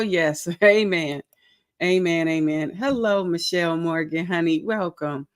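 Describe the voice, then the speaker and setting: A bubbly woman hosts a relaxed crochet livestream. She chats casually, greets each viewer warmly and reads their messages aloud. She is tired but playful and self-mocking, and giggles a lot. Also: lowish voice, a little slow.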